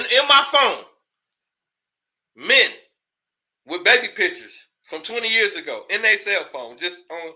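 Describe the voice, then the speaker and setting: A man's voice: high-pitched, big pitch swings, unhurried, pauses often, bright, forceful tone. A man hosting a casual commentary show, ranting in a loose, profane way, laughing often and repeating words when worked up.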